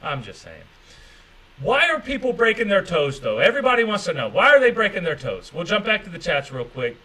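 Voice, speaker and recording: A man talks casually on a livestream, his voice sitting a little high for a man. He rambles, swears freely, drips sarcasm and reads out viewer comments as he goes. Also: pushed and bright, low-quality recording. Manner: profane, sarcastic, mocking voices of others; reads viewer chat aloud. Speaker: livestream host.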